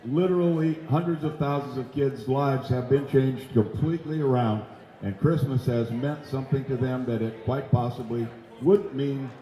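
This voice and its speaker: A man working as auctioneer at a live charity auction, calling bids in a rapid rhythmic chant and joking with the crowd. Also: medium pitch. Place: large event center stage. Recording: echoey hall, dull live broadcast audio.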